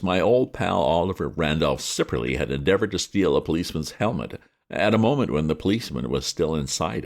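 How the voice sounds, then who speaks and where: A man reading a comic novel aloud with lively, wry narration. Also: rumbling low, gravelly. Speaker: reader of classic fiction. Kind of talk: audiobook narration.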